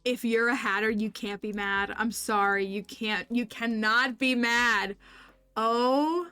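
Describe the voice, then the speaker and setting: A woman's voice: a little high, fairly even intonation, takes it slowly, sharp tone, clean tone, no room sound, faint music behind. A woman streaming a video game, chatting casually with viewers, interrupting herself and explaining the game's mechanics. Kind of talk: casual gameplay livestream chat.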